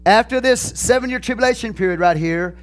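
Texan pastor guy preaching, high voice, gets loud and fired up, bit of music behind. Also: fairly quick. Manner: builds from calm teaching to loud, fervent preaching. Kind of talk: sermon.

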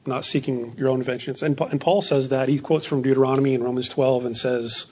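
A man's voice: medium pitch, fairly even intonation, fairly quick, darkish tone, slight background noise. A man, a pastor leading a midweek Bible study in a conversational way, often asking rhetorical questions and repeating phrases.

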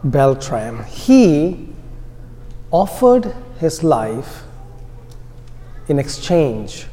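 A man with an Indian American accent delivers an Easter sermon at a very unhurried pace, dropping softly at the end of each phrase. His voice sits a little high for a man, and it rings with the long reverb of a large church hall. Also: expressive. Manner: slow, deliberate delivery with phrases trailing off softly. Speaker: preacher.

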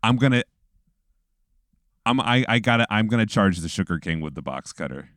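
A man's voice: fairly low pitch, expressive, moderate pace, a bit bright, no room sound, clean studio sound. A man answering a hypothetical in a hesitant, stammering way. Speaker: guest. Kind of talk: casual chat.

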